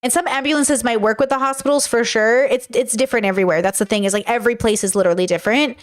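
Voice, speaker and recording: An American woman commentator reacts to a reality show, talking straight to viewers in a frank, rambling way and swearing casually. Her voice is slightly high, and she speaks at a racing pace.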